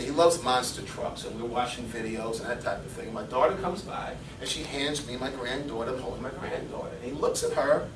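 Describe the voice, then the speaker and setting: A middle-aged man, a fitness coach, telling personal stories in a seminar talk with animated delivery and frequent chuckles. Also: mid-range voice, background noise. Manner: animated storyteller, chuckles often. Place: seminar room. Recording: echoey room from far off.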